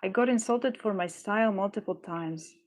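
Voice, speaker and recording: Streaming her jewelry-making, a woman chats casually and rambles, talking herself through her frustration as she works. She has a medium-pitched voice and speaks at a normal speed.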